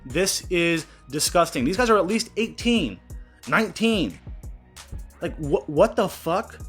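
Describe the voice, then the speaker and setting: A man's voice: high-pitched, sing-song, a little slow, fairly bright tone, faint music behind. A man hosting his channel, ranting in indignant outrage, swearing often and stumbling over repeated words. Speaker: channel host. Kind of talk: angry commentary rant.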